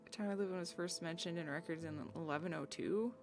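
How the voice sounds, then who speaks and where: Chatting casually on a live stream, an American woman reads her viewers' chat aloud and riffs on it in a bubbly, giggly way. Her voice is fairly low and quick, with a bit of hiss or hum and faint game music in the background.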